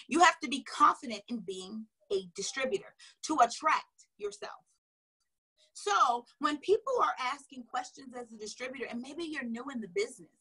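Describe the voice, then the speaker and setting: A woman's voice: on the high side, pushed and bright, slightly rough, poor audio. A woman giving a casual motivational coaching talk, emphatic and chatty, repeating her key phrases. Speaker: sales coach.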